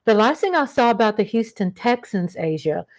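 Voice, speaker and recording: A woman's voice: a little high, big pitch swings, normal speed, darkish tone. Chatty woman hosting a livestream. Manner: rambling, chatty, greets viewers by name. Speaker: livestream host. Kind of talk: casual live-chat monologue.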